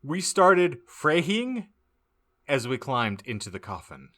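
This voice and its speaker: A man reading a badly written story aloud as a comic audiobook, deadpan and stumbling over misspelled words. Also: mid-range voice, slow. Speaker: podcast host reading aloud.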